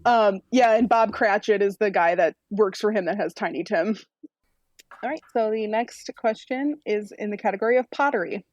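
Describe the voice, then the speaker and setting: Woman trivia host, mid-pitched, brisk and upbeat, reads questions cleanly, very dry close mic. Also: darkish tone, no room sound, dull audio. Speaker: quiz host.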